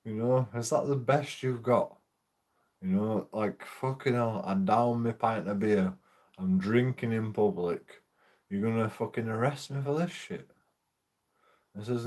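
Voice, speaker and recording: A man's voice: lowish voice, unhurried, a little mellow. A man casually telling a rambling, profane story while streaming a game, laughing often.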